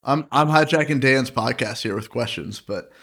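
A man's voice: mid-range voice, normal speed, fairly bright tone. A man, a coach, asking questions earnestly in a casual podcast chat.

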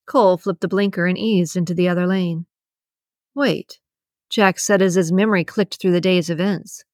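A woman narrating a romance audiobook in a steady, even storytelling manner. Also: fairly low pitch, a little fast, no echo, studio quality. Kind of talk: scripted narration.

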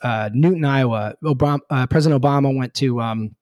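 Middle-aged man from Connecticut, lively storyteller with a middle-range voice, close and dry on a studio mic. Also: mid-range voice, fairly quick, no echo, highs cut off. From Connecticut, USA. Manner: animated, laughs often, many restarts. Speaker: podcast guest, former presidential helicopter pilot. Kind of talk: casual storytelling chat.

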